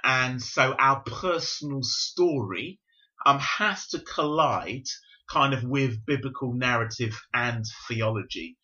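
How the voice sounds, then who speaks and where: A man in his fifties from South London, speaking with a London accent as a bishop being interviewed on a podcast, explaining in a measured, reflective way. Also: mid-range voice, bright, forceful tone. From South London, England. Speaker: Pentecostal bishop, guest. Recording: dull lo-fi recording.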